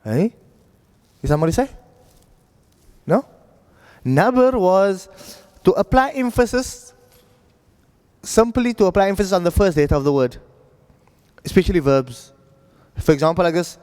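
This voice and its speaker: A man's voice: high-pitched, expressive, normal speed, pauses often, darkish tone, long reverb tail. A man teaching an Arabic reading class, talking patiently and checking in with his students often. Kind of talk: classroom lesson.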